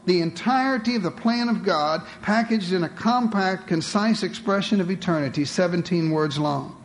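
A man's voice: sits high, moderate pace, slight background noise. A man preaching a sermon to a congregation, with dramatic rhetorical questions, calling his listeners beloved.

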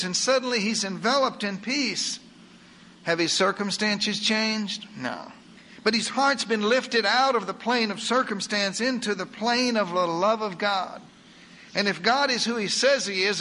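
A man preaching a sermon in an earnest way, slowing down when he reads scripture aloud. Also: high-pitched, pushed and bright, a little hiss or hum.

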